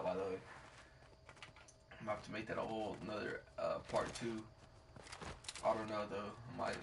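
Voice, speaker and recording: Guy streaming and telling a story, slangy and cursing a lot, mic kinda far, noisy room behind him. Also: fairly low pitch. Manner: rambling, slangy and profane, with many fillers. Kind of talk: casual storytelling while gaming. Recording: distant mic with clear background ambience.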